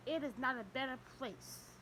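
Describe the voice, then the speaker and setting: A woman's voice: high voice, moderate pace, bright, forceful tone, poor audio. Audiobook, woman voicing elderly male Russian priest, terse, formal, faint hiss. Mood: bitter. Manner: terse, formal, ignores questions.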